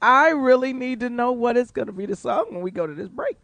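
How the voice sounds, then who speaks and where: A woman's voice: on the high side, expressive, fairly quick, a bit bright, no room sound. A woman hosting a talk radio show, joking raunchily and laughing often. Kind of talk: raunchy comedic banter.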